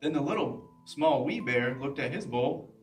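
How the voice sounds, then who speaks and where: A man reads a children's bedtime story aloud in a plain, steady voice at an ordinary middle pitch. He sits away from the mic, and the room adds a clear echo. Faint music plays underneath. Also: moderate pace. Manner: plain, steady reading with small slips. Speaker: police officer reading to children. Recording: roomy echo, mic at a distance.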